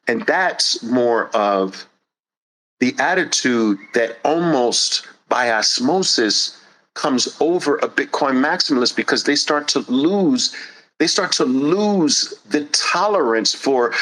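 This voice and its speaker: Man ranting bluntly on his show, slow talker, bright sharp voice, swears a lot. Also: medium pitch, lively intonation, rough recording. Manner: blunt, forceful, swears for emphasis. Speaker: host. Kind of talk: impassioned monologue.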